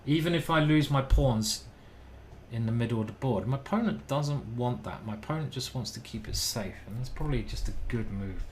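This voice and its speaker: A man's voice: medium pitch, a little fast, a little mellow, a little hiss or hum. A man giving casual live-stream chess commentary, thinking aloud and chatting with his viewers. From United Kingdom.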